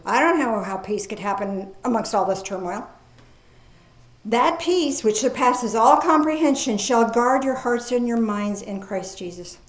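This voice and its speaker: A woman gives a sermon in a folksy, lively way, trading scripture readings for chatty asides. She talks at a slow, unhurried pace in a slightly high voice. The room around her is echoey. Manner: reads scripture aloud slowly, then comments. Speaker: pastor.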